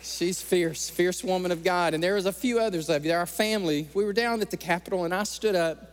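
Male pastor, high-pitched and fervent, sermon in a reverberant sanctuary. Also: fairly quick. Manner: impassioned preaching, tearful at times. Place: church sanctuary. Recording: long hall reverb.

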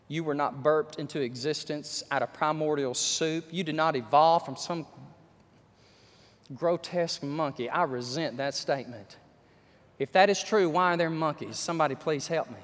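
A man's voice: a little high, expressive, normal speed, fairly bright tone. A man preaching an emphatic sermon full of rhetorical questions, in a large church hall. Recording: long hall reverb.

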